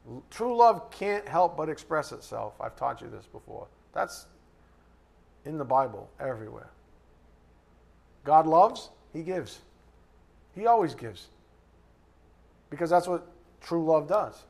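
A man's voice: fairly high pitch, big pitch swings, unhurried, creaky, pauses often, darkish tone. A man teaching a Bible lesson in a conversational, joking way, rising to sudden emphasis. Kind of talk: sermon.

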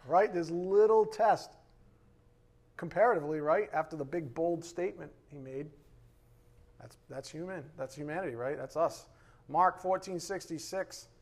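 A man's voice: a little high, moderate pace, a little mellow. Chatty man teaching a Bible lesson. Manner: chatty, asks listeners "right?" often.

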